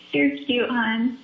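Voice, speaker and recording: Giggly talkative woman, slightly high pitch, phone chat recorded muffled in an echoey space. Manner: chatty and giggly. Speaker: caller on a phone call.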